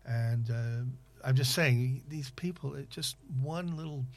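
A man interviewing in casual conversation, rambling and halting with many fillers and restarts. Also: medium pitch.

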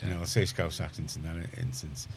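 A deep-voiced middle-aged man with a Liverpool accent chats on a community radio show. He rambles and restarts his sentences, then gets emphatic on points he cares about. A light background hiss sits under the studio sound. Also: fairly even intonation, brisk. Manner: rambling, self-correcting, gets heated and emphatic. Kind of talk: casual radio chat.

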